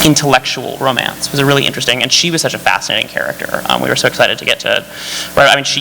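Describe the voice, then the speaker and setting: Bright-voiced eager male screenwriter. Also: medium pitch, creaky, in a large hall, slight background noise, poor audio. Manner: eager, quick restarts, animated. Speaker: screenwriter panelist. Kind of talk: casual panel talk. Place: large hall on stage.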